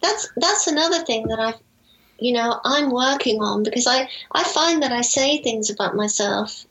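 Hesitant woman, higher voice, thinking aloud. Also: moderate pace, fairly bright tone, poor audio. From Europe. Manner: hesitant, restarts and repeats words while thinking aloud. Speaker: author being interviewed. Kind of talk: casual conversation.

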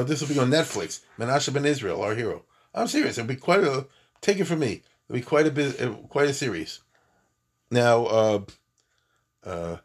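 Animated man teaching history. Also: mid-range voice, husky. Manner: animated, emphatic, conversational with many asides and restarts. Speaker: rabbi teaching Jewish history. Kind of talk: lively class talk, storytelling.

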